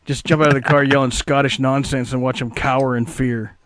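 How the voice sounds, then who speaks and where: A man's voice: mid-range voice, fairly even intonation, fairly quick, a bit bright, no echo. A man from the Midwest, cracking jokes and teasing in a casual podcast chat. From American Midwest. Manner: joking, teasing banter.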